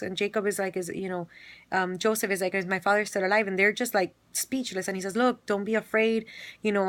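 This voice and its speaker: A woman's voice: mid-range voice, fairly bright tone, no room sound. A woman casually retelling a Bible story, filling it with quoted dialogue and everyday fillers.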